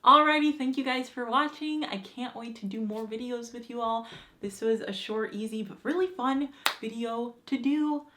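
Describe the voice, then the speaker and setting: A young woman chats through a book tag on her vlog, lively and informal. She talks with plenty of slang and drops the occasional swear word. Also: on the high side, normal speed, noisy background. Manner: chatty and animated, with slang and swearing. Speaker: book vlogger. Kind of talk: casual chat answering a book tag.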